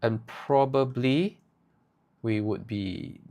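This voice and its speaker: A man teaching ad writing live, thinking aloud in halting bursts and tagging his points with "right?". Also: medium pitch, dark tone. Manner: halting, with many restarts. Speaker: agency owner teaching ad writing.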